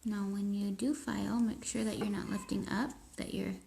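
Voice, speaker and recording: A woman's voice: medium pitch, level tone, normal speed, gravelly, heavy background noise. A woman hosting a casual live nail tutorial from home, chatty and easily sidetracked. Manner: chatty, easily distracted, talks to kids and pets. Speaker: nail polish seller hosting a live stream. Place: home room, indoors. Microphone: phone camera.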